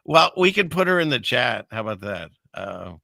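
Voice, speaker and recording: A man hosting an online talk show, speaking in an earnest, halting way with many restarts. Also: mid-range voice, big pitch swings, vocal fry, sharp tone, no room sound. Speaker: show host. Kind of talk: casual chat on an online show.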